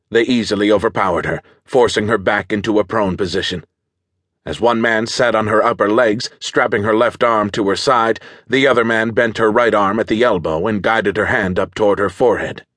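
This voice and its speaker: A man narrating a thriller audiobook in a measured, steady storytelling manner on a close studio mic. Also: fairly low pitch, no echo.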